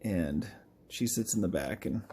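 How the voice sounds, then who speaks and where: A man's voice: low-pitched, expressive, unhurried, mellow, a little hiss or hum. A man chatting casually and animatedly while drawing, often slipping into playful impressions of game characters. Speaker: artist streaming a live drawing session.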